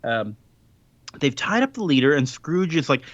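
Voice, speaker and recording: A man co-hosting a casual podcast, retelling a comic story with quick put-on voices for the characters. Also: a little high, animated, a bit bright, no room sound, muffled recording. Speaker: podcast co-host. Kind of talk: casual chat recapping a comic.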